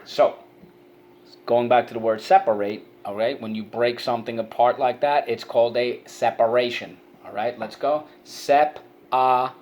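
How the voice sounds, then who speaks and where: A man teaching a spelling lesson, encouraging and sounding out syllables slowly. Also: medium pitch, steady tone, a little mellow.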